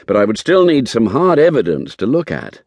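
A man's voice: medium pitch, wildly swooping pitch, brisk, a little mellow, dry recording, voice pushed up. A man voicing a weary, reluctant former male private investigator in an audiobook, terse and guarded. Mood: probing. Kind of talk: audiobook character voice.

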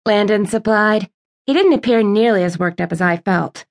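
A woman reading a first-person fantasy audiobook, narrating with lively, exasperated dialogue. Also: medium pitch, moderate pace.

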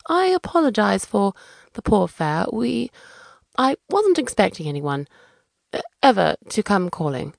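A woman voicing an eager, excitable young aristocratic male detective, fussy and polite, in a children's audiobook. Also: mid-range voice, a little slow, vocal fry, no echo, studio quality. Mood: excited. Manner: chirpy, fussy and very British-polite.

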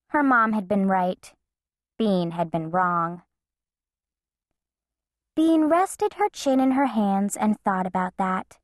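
A woman narrating a children's storybook in an expressive, playful way. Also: medium pitch, no room sound, clean studio sound. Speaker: audiobook narrator.

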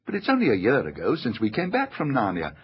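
A man's voice: mid-range voice, wildly swooping pitch, fast talker, husky, heavily acted. Guy doing a doubting schoolboy, blunt, muffled audiobook sound. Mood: skeptical. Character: skeptical boy Edmund, blunt.

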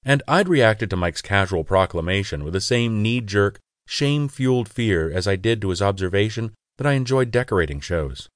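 A man's voice: on the low side, animated, normal speed, few pauses, no room sound. A man reading a first-person audiobook in an intimate, confessional way, on a close studio mic. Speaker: audiobook narrator.

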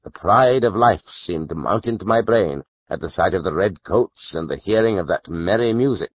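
A man narrating a classic novel as an audiobook, measured and expressive. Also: sits low, husky, no room sound, highs cut off.

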